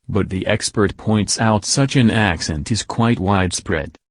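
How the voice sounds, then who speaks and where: Low-voiced man reading news narration. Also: unhurried, no room sound.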